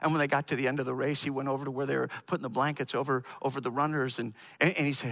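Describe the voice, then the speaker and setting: A man telling a personal story in a casual, halting way, often repeating words and restarting his sentences. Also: medium pitch, level tone, gravelly, a bit bright.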